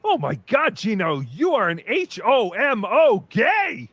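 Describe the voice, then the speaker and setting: Very high voiced guy in a clip, sarcastic and teasing, bouncy delivery. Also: wildly swooping pitch, unhurried, fairly bright tone, husky, no echo. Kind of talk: mocking commentary.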